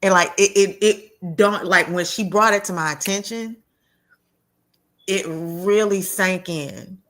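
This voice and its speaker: A woman telling a heartfelt personal story as a guest, earnest and halting, often restarting and repeating words. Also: medium pitch, a bit bright. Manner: acts out quoted voices of others in her story.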